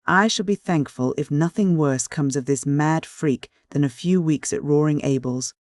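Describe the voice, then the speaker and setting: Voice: medium pitch, normal speed, darkish tone, no echo, clean studio sound, lightly acted. The reader voicing a stern, condescending older uncle.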